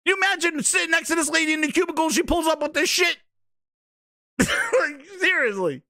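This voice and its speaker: High-pitched, animated, profane male host. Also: a little fast, gravelly, no echo, clean studio sound. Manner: profane, laughing, animated ranting. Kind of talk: casual commentary reacting to videos.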